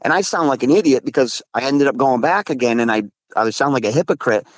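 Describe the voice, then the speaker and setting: Excitable man telling a story. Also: medium pitch, fast talker, no echo. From Massachusetts. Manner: excitable, swears, says dude a lot, frequent restarts. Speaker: guest recounting encounters. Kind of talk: casual storytelling.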